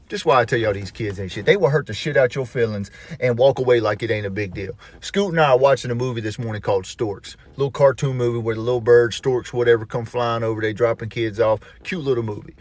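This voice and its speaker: A man's voice: medium pitch, fast talker, few pauses, a little mellow. A man telling comic stories about his kids in a profane, exasperated rant. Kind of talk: comedic storytelling.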